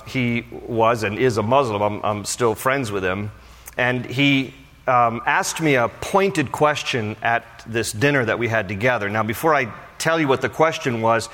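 A man's voice: mid-range voice, fairly bright tone. A man, a pastor, teaching a Bible study with earnest, conversational explanation and light asides. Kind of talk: sermon with scripture reading and prayer. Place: church. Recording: long hall reverb.

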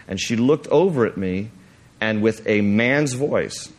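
A male pastor telling a story in a sermon, animated and acting out the scene. He rambles with fillers and restarts, and his voice jumps high when he gets excited. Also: normal speed.

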